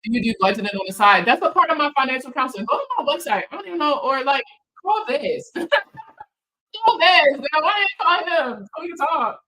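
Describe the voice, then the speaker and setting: A woman's voice: sits high, expressive, quick pace, hardly any pauses, pushed and bright, rough recording. A woman hosting a casual livestream chat, slangy and swearing freely, laughing often as she reads viewer comments aloud and answers them. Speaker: financial counselor hosting a live chat.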